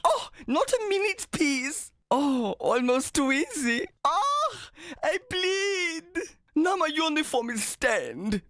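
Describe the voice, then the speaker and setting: Whiny pig soldier from a video game, high voice, swings all over. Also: female voice, big pitch swings, slow pace, fairly bright tone, dry recording, heavily acted. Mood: wounded. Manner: theatrical, self-pitying outbursts. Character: bumbling German pig soldier, melodramatic.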